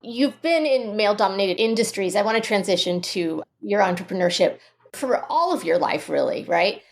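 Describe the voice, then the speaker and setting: A woman's voice: mid-range voice, lively intonation, normal speed. Woman podcast host asking questions. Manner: affirming, asks questions in an easy conversational way. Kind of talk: interview questions.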